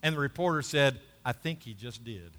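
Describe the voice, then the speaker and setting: A man's voice: medium pitch, expressive, moderate pace, a bit bright, long reverb tail. A man preaching a sermon as pastor, emphatic and repeating key phrases, calling for responses from the congregation.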